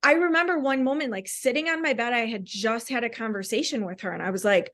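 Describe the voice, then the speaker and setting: A woman's voice: on the high side, quick pace, few pauses, fairly bright tone. A woman speaking as a podcast guest, candid and reflective, with frequent "like" fillers. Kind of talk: casual conversational interview.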